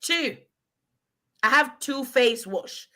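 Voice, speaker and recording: Bright-voiced chatty woman. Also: sits high, lively intonation, takes it slowly. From Ghana. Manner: chatty, emphatic, keeps calling out a listener by name. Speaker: vlogger giving relationship advice. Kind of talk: casual chat.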